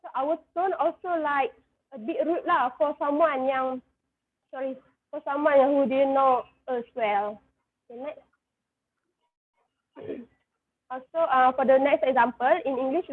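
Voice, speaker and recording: High-voiced Malaysian woman on a phone line. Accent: Malaysian, from Kedah. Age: 20s. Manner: hesitant, many fillers and restarts. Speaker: guest speaker. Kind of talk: online talk presentation. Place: in a store.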